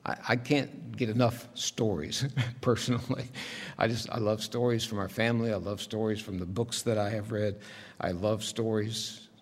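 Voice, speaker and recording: Low husky pastor in a reverberant church. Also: male voice, fairly even intonation, normal speed. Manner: conversational, reflective storytelling with soft asides. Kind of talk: sermon. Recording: long reverb of a large hall.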